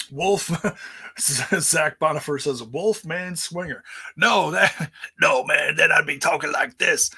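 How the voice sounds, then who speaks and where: A man's voice: on the high side, bright, forceful tone, husky. A man in his forties hosting a livestreamed podcast, chatting casually in a playful, rambling way with many restarts. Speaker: podcast host. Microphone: streaming setup.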